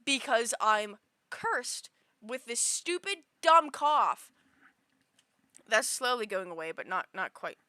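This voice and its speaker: A woman's voice: a little high, very animated, slow pace, bright, forceful tone, no room sound. A woman livestreaming, chatting casually with viewers in a rambling, giggly way full of fillers. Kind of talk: casual chat with stream viewers.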